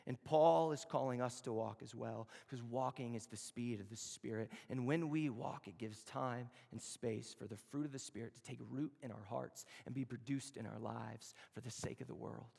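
Give me a man preaching in a reverberant hall, with a gravelly voice and a conversational, storytelling style. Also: mid-range voice, dark tone. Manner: storytelling, conversational, with slow emphatic phrases. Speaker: campus chapel speaker. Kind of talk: sermon.

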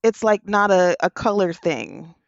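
A woman's voice: lowish voice, lively intonation, unhurried, gravelly, dry recording, dull audio. A woman co-hosting a podcast, blunt and teasing in casual chat. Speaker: podcast co-host.

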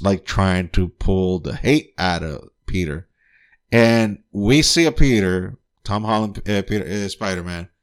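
A man's voice: lowish voice, a bit bright. A man hosting a podcast and reviewing a film in loose, profane chat, full of fillers and restarts. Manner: laughs often, enthusiastic. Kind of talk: casual spoken review.

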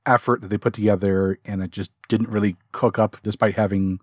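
A man's voice: lowish voice, fairly even intonation, brisk, dry recording. Rambling male podcast co-host, dry sound. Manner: rambling, lots of fillers and restarts. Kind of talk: casual chat.

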